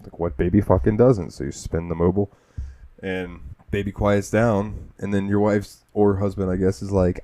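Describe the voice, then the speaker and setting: A man's voice: deep voice, flat delivery, moderate pace, warm tone, no room sound. A man co-hosting a casual gaming podcast, laughing often and retelling the game with quoted voices. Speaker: podcast co-host.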